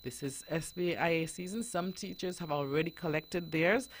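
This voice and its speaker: A woman's voice: fairly low pitch, normal speed, slight background noise. A woman hosting a radio talk show, earnestly urging parents to act. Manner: earnest, exhorting parents directly. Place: radio studio.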